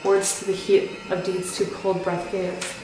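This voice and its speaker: A woman performs verse drama as a haunted, tormented Scottish nobleman, declaiming intensely with an anxious, brooding mood. Her natural voice sits on the low side, level in tone and unhurried. It rings through a very echoey room, with music clearly audible underneath.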